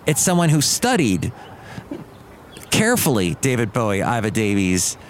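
A man's voice: mid-range voice, wildly swooping pitch, normal speed. A man hosts a podcast in a loose, chatty monologue. He drifts from one thought to the next, trailing off and correcting himself. A faint hum sits behind his voice. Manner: digressive, trailing off and self-correcting. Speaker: podcast host. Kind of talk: casual rambling monologue.

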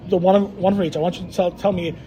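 Podcast co-host, male, high voice, quick rambling teaser, mellow tone. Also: little pitch movement, lo-fi sound. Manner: fast, teasing, rambling with many restarts. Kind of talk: casual chat over a card game.

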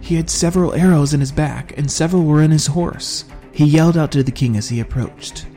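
A man narrating an audiobook in a measured first-person storytelling manner. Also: fairly high pitch, mellow, soft background music.

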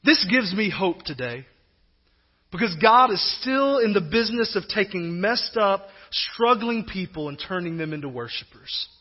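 High-voiced guy preaching a sermon, chatty and animated, kinda muffled recording. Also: normal speed. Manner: conversational, animated, acts out quoted voices. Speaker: pastor.

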